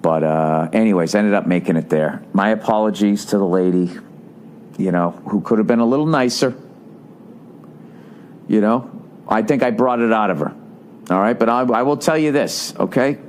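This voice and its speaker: A man hosting a podcast, telling a rambling comic story with animated, profane ranting. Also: on the low side, moderate pace, pauses often, slight background noise. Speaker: podcast host.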